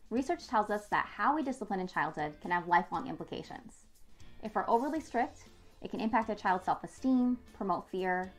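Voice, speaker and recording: A woman in her thirties, an expert on child development, explaining discipline clearly with the odd filler. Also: mid-range voice. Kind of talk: educational talk to camera.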